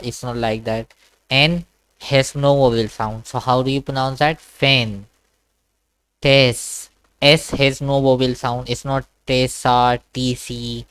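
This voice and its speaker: A man's voice: medium pitch, a bit bright, smooth, no room sound. Patient man teaching Quran reading. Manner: patient, repetitive, checks understanding with "okay?". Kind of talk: online one-to-one reading lesson. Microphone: video call.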